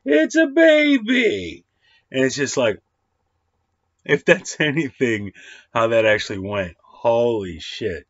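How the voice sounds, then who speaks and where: A man giving a casual, rambling, excitable film review, with lots of fillers and the odd swear word. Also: mid-range voice, unhurried, long pauses, dry recording. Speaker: movie reviewer. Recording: dull lo-fi dry sound.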